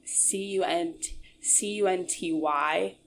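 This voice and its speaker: A woman's voice: lowish voice, slow, vocal fry. A young woman giving a casual, joking recap of a TV show, full of sarcastic asides. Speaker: YouTube commentator.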